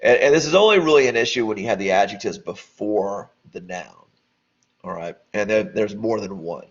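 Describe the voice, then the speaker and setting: A man's voice: lowish voice, expressive, normal speed. A man teaching a casual grammar lesson, loose and rambling with many fillers and restarts. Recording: dull lo-fi audio.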